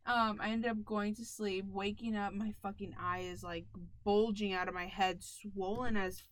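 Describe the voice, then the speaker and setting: A pregnant woman telling a story in casual chat, animated and dramatic, swearing and laughing often. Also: medium pitch, moderate pace, no room sound, rough recording.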